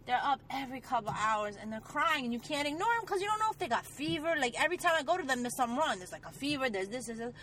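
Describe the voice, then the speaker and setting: A woman in her thirties co-hosting a podcast, telling blunt, animated stories with plenty of swearing, worn out from little sleep. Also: high-pitched, racing, few pauses, a little hiss or hum, poor audio. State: tired from lack of sleep. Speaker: podcast co-host. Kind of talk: casual chat.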